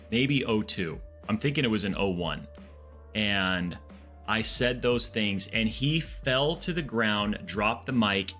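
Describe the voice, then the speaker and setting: A man streaming a game, telling long rambling stories in a casual, animated way, with lots of restarts. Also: fairly low pitch. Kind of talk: casual storytelling chat.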